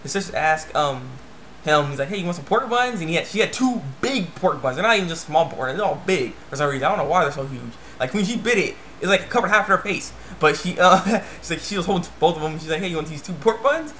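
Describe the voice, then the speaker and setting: A man's voice: on the high side, lively intonation, fast talker, pushed and bright, a little hiss or hum. Rambling young man recapping an episode. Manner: rambling, repeats "he's like" and "um". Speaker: anime reviewer.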